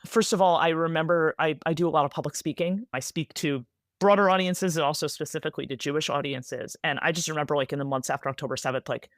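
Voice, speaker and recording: A woman from the United States, an author being interviewed, speaking rapidly in an animated way with many "like"s and tag questions. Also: sits low, no room sound, studio quality. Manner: animated, rapid, filler-heavy with frequent "like" and "right?". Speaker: author, guest. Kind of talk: conversational interview answers.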